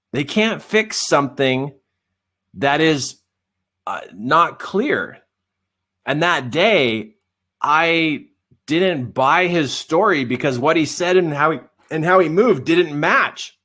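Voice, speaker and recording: A middle-aged man telling a story in a coaching webinar, animated and often laughing. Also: mid-range voice.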